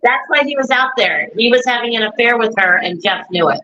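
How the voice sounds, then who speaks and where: A woman's voice: a little high, lively intonation, a little fast, bright, forceful tone. A woman, a mother, talking in a rambling casual chat, often quoting her son and herself. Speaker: grieving mother and guest. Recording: dull lo-fi stream audio.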